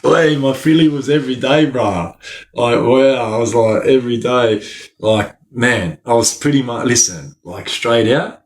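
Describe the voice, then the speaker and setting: Slow slangy man. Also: mid-range voice. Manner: slangy, rambling, laughs often. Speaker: podcast guest. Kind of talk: casual storytelling.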